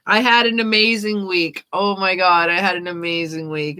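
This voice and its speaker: A woman's voice: mid-range voice, bright, forceful tone. A woman giving live-stream tarot readings, chatting casually with viewers, thanking them by name and laughing often. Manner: chatty, reads chat names aloud, laughs often. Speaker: tarot reader.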